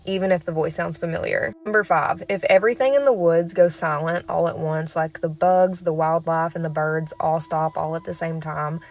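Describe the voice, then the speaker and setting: A woman's voice: sits low, steady tone, normal speed, hardly any pauses. A woman from Appalachia with an Appalachian accent, listing folk rules in a matter-of-fact, direct way. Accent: Appalachian American. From Appalachia, USA. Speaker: TikTok creator.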